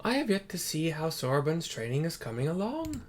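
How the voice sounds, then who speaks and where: A man voicing a jovial old male turtle spirit, loud and hearty. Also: fairly high pitch, huge pitch swings, fairly quick, voice pushed up.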